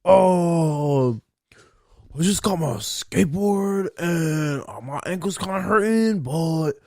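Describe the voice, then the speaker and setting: A laid-back young skater-dude doctor, as a man puts him on in a comedy bit, talking in a high, drawling surfer voice full of slang. His voice sits well above a normal speaking pitch, and it comes across dry and close, with no room echo. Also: gravelly, mellow.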